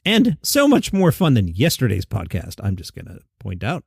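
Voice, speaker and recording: A middle-aged man hosting a comedy news podcast from his basement, reading headlines and adding wry, animated asides. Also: fairly low pitch, creaky, slightly rough, no echo, clean studio sound. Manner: wry, animated, quick side comments. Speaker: podcast host. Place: home basement studio.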